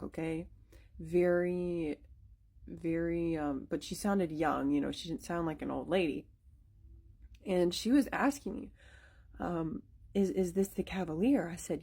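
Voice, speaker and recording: A woman's voice: lowish voice, a little mellow. A young woman casually telling a spooky personal story, chatty, with many fillers and restarts.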